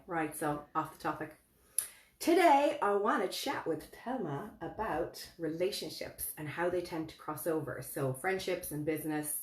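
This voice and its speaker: A woman co-hosting a casual live chat, expressive and quick to laugh. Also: deep voice. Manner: chatty, laughs easily, expressive. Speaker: co-host. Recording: echoey room.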